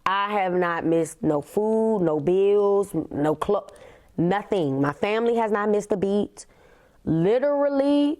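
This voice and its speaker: A woman, hosting a podcast and telling a personal story in an emphatic way, often leaning on "literally" and slowing down on key words. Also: medium pitch, a little mellow. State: tearful. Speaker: podcast host.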